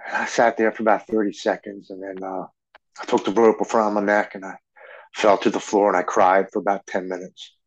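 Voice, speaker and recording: A man in his forties telling his own story as a podcast guest, earnest and halting, often restarting his sentences. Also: fairly low pitch, flat delivery, rough recording. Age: 40s. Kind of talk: personal recovery story.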